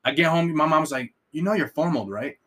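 A man's voice: on the high side, a little fast, bright, forceful tone. A young man telling a story on a casual podcast, rambling and profane, with lots of filler words and restarts. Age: young adult.

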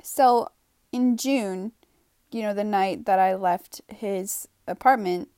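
A woman's voice: medium pitch, takes it slowly, warm tone, clean tone, no room sound, clean studio sound. A young woman telling a casual storytime, rambling and exasperated, full of "like" and "you know", now and then swearing for emphasis. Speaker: vlogger.

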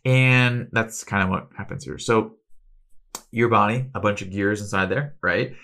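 A man's voice: fairly low pitch, unhurried, sharp tone. A man hosting a casual health question-and-answer show, explaining in a chatty way with self-deprecating asides. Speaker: host.

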